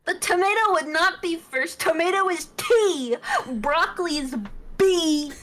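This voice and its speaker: A woman from Michigan, a guest on a stream, chatting in a silly, animated way with frequent laughter and swearing. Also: very high voice, a little slow, slight background noise. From Michigan, USA. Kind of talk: casual stream chat.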